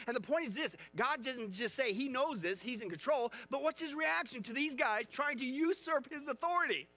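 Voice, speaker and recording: A man preaching a sermon, animated and chatty, asking the congregation questions. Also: extremely high pitch. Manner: animated, conversational with the audience. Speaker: pastor.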